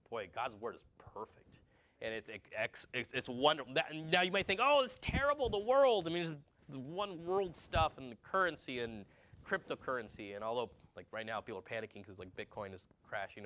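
A man's voice: mid-range voice, pushed and bright. Conversational man preaching a sermon. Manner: conversational, repeats words, asks the congregation questions. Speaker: pastor.

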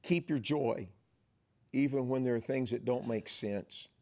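Middle-aged male pastor, storytelling sermon, mid-pitched, rises in volume for emphasis. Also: unhurried, a little mellow.

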